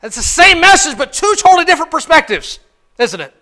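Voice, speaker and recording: Man, pastor, sermon, very high voice, bright, forceful, hushed to shouting, questions the congregation. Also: very animated, brisk. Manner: fervent preaching, swinging from hushed to shouted; asks the congregation many questions. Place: church.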